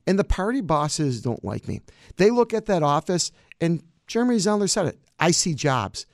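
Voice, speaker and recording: A man's voice: on the high side, big pitch swings, moderate pace, vocal fry, no room sound, studio quality. A man, a county clerk answering campaign interview questions in an emphatic, combative way.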